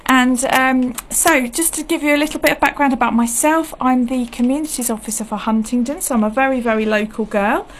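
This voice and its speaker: A woman's voice: high-pitched, brisk, few pauses, slight background noise. A woman from England hosting a local gardening show on community radio, chatting from the studio and laughing easily. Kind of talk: radio chat.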